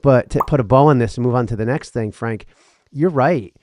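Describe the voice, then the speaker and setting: A man's voice: mid-range voice, brisk, background noise. A man from the Northeast US co-hosting a podcast, rambling and opinionated, full of fillers. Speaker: podcast co-host. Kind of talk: casual banter.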